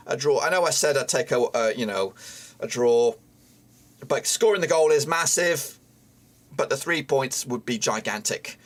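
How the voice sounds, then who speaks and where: A man reacting live to his team's match as a fan streamer, excitable, swearing often and yelling at the players. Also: on the high side.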